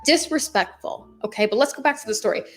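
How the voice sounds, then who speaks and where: A woman in casual chat, telling a story in a lively way and acting out the people in it. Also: fairly high pitch, very fast, soft background music. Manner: animated, acts out quoted people. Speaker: tarot channel host.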